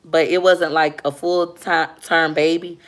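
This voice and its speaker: A woman's voice: sits low, a little slow. A young woman, chatting candidly with viewers on a casual livestream and reading their comments. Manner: chatty, candid, animated when retelling.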